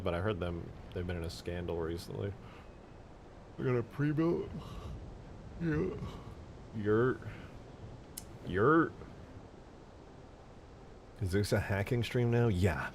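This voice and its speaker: A young man with a deep, low voice chatting loosely on a live stream, half talking to himself and half joking with viewers. Faint noise hums behind him. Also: a little fast. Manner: jokey, talks to himself and chat while working. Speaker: streamer modding a video game. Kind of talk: casual live-stream commentary.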